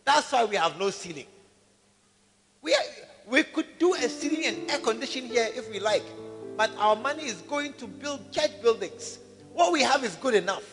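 A man preaching a sermon to his congregation, calling for responses and rising to shouts. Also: very high-pitched, lively intonation, normal speed. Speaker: pastor. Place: large church hall. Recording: reverberant hall with faint music.

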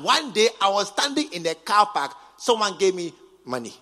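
A man with a Ghanaian English accent preaching a sermon as bishop, emphatic and repetitive, swinging from quiet asides to shouts. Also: high-pitched, sing-song, moderate pace, in a large hall. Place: large cathedral.

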